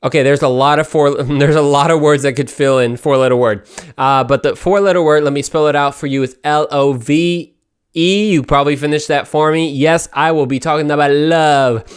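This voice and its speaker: A man's voice: on the high side, fairly even intonation, normal speed, clear, resonant tone. A young man hosting his own podcast, talking in an upbeat, chatty way with playful asides. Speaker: podcast host. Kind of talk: casual solo podcast monologue.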